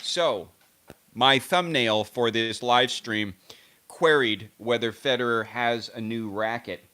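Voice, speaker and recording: A man's voice: medium pitch, slow, sharp tone. A man hosting a tennis live stream, chatting casually to his viewers in a rambling, self-correcting way as he muses aloud. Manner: rambling, self-correcting, musing aloud over name pronunciations.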